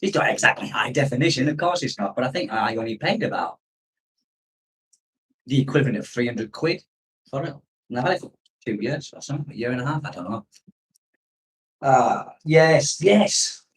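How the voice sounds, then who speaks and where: This expat host's mid-range voice has lively intonation and a normal pace broken by long pauses as he chats aimlessly from story to story. He often stops to read and answer viewer comments, easygoing and unscripted, in a rough recording from far away.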